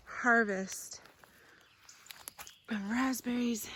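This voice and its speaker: A woman giving a casual tour of her home garden, gushing with excitement and often dropping to a soft whisper. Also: medium pitch, moderate pace, long pauses, a little hiss or hum. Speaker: homestead vlogger.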